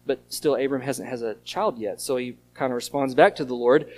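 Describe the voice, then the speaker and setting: A man's voice: mid-range voice, a little fast, hardly any pauses, darkish tone, soft background music. A man preaching a sermon, explaining scripture in an earnest teaching tone and leaning on key words. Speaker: pastor.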